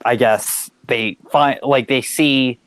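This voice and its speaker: A tired man in a casual group chat, speaking haltingly and rambling, with many fillers and restarts. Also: mid-range voice, fairly even intonation, fairly bright tone, no room sound.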